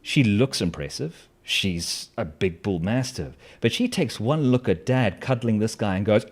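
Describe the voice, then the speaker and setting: A man's voice: lowish voice, expressive, a little slow, hardly any pauses. A man telling a personal story in a casual, wry, self-mocking way, with lots of fillers and restarts.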